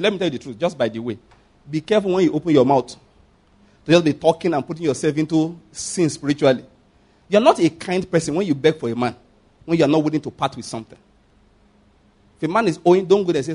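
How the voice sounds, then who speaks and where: In a high-pitched, husky voice, a man with a Nigerian accent preaches with emphasis and rhetorical flair. He acts out quoted pleas and often asks whether his listeners understand his point.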